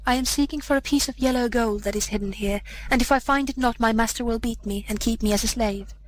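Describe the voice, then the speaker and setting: A woman's voice: a little high, fast, slight background noise, close to an everyday voice, rough recording. A woman voicing an earnest, humbled young prince in a fairy tale, speaking in old-fashioned, sorrowful words. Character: humbled young prince, once proud boy.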